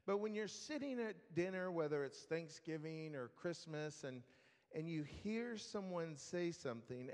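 Man preaching, unhurried delivery, dry humor, fairly high voice, long reverb from a large hall. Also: darkish tone. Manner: slow, conversational storytelling with dry humor. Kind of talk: sermon.

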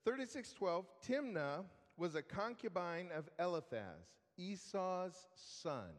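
Man, Bible teacher, high voice, unhurried lecture, long reverb of a hall. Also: big pitch swings. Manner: slow, conversational, with fillers and restarts.

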